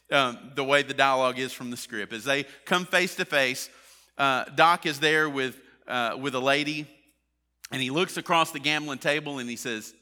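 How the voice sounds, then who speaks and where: A man's voice: fairly high pitch, sharp tone. A man preaching a sermon in a conversational way, with many fillers and restarts. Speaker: pastor.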